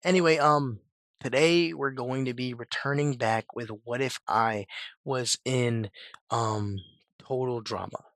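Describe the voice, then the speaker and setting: A man hosting a casual fan video, hoarse from a cold, rambling with many fillers and shrugging details off. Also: medium pitch, steady tone, unhurried, fairly bright tone, no room sound, clean studio sound. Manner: rambling, filler-heavy, shrugs things off with "blah, blah". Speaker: YouTube host. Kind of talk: casual fan-theory chat.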